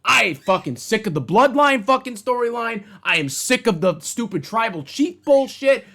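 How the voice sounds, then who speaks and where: A man with a rather high voice delivers a heated, profanity-laced rant. He keeps circling back to the same complaints, stressing each with blunt, repetitive outbursts. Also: lively intonation, moderate pace, bright, forceful tone. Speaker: wrestling commentator ranting on his channel. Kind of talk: angry rant.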